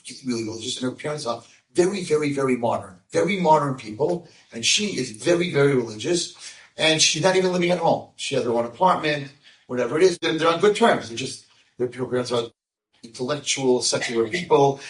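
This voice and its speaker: An older man, a rabbi, tells a story to an audience in an animated way and acts out the voices of the people in it. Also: mid-range voice. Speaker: rabbi giving a talk. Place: lecture room with audience. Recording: echoey room, mic at a distance.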